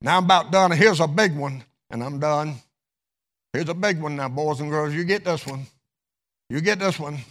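A middle-aged man preaching a sermon in a church, with chanted, sung-out phrases, then falling to a hushed voice in prayer. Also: a little high, moderate pace. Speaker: pastor. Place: church sanctuary.

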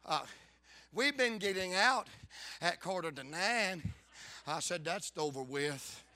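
A man preaching a fervent revival sermon, bursting into loud shouts. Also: high voice, lively intonation, takes it slowly.

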